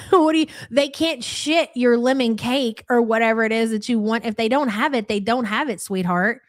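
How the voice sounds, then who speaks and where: A woman with a fairly high voice hosts a live reaction stream, blunt and sarcastic, chatting loosely with her viewers. The sound is close and dry, with no room around it. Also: moderate pace, no echo. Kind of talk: casual live commentary, reading viewer chats.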